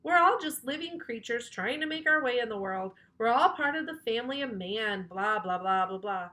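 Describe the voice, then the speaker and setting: A woman reading aloud puts on a wacky, overconfident female teacher for a children's storybook. The voice is low and hushed, with a breezy, bright tone. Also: animated, moderate pace.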